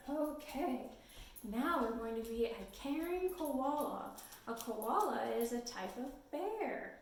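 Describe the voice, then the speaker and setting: A woman leading a storytime lesson for toddlers in a gentle, sing-song, encouraging way, recorded in a library room. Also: high-pitched, expressive, slow pace, a little hiss or hum. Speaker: children's librarian. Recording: echoey room, mic at a distance.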